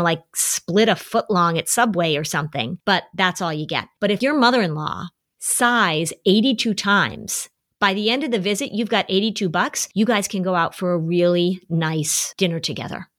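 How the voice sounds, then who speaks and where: A woman's voice: medium pitch, fairly bright tone. A middle-aged woman hosting a podcast, giving parenting advice in a casual, storytelling way and often checking in with "right?". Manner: conversational storytelling, frequent "right?" check-ins. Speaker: podcast host and parenting advisor.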